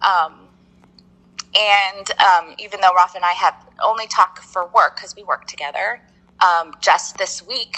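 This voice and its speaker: A woman's voice: on the low side, pushed and bright, rough recording. A woman guest telling her story in a casual interview, rambling with many restarts. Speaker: client, guest.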